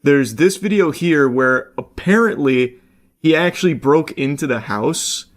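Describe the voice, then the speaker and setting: A man's voice: a little high, lively intonation, unhurried. A man hosting a casual reaction commentary, rambling along with jokey asides and casual swearing. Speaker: host.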